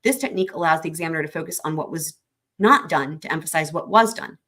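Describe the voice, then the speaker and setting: A woman's voice: sits low, fast talker, bright, forceful tone. A woman hosting a livestream who reads legal text aloud and then breaks off to chat and answer viewer comments. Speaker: livestream host reading trial commentary. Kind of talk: casual explanatory livestream.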